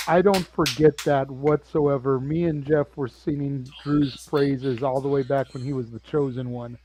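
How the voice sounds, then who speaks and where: A man's voice: medium pitch, steady tone, measured pace, mellow, low-quality recording. A man chatting casually as a panelist on a wrestling watch-along, making his point emphatically. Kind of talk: casual chat.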